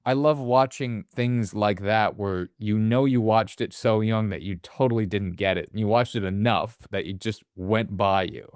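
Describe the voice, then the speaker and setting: A man co-hosting a casual movie podcast, animated, swearing freely and acting out quotes in little voices. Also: on the low side, moderate pace, few pauses, clear, resonant tone, no room sound, clean studio sound. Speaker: podcast co-host.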